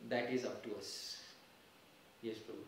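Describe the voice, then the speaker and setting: A man's voice: medium pitch, fairly even intonation, measured pace, slight background noise. A man giving a religious class, explaining points emphatically and repeating key phrases, recorded from a distance in a temple hall. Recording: very echoey temple hall from far off.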